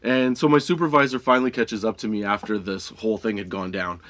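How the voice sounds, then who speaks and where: A man's voice: fairly low pitch, fairly even intonation, fairly quick, fairly bright tone. A male podcast host telling a comic story, swearing freely and laughing between lines.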